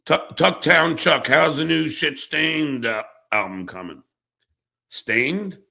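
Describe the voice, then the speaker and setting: A man's voice: on the high side, animated, slow pace, creaky, pushed and bright. A man on a live stream talking through an incident, thinking aloud with hesitant, profane asides. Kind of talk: casual crude banter.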